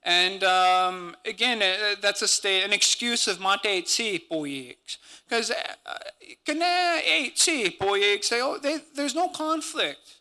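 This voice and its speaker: Bright, high-voiced man giving a talk. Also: lively intonation, slow, smooth. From Montana, USA. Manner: earnest, conversational, peppered with native-language words. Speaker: symposium speaker and language teacher. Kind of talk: conference talk.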